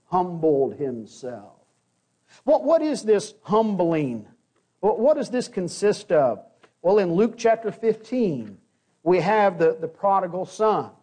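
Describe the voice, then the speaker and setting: A man's voice: high voice, warm tone. A man preaching an expository sermon to his congregation, earnest and repeating key phrases for emphasis.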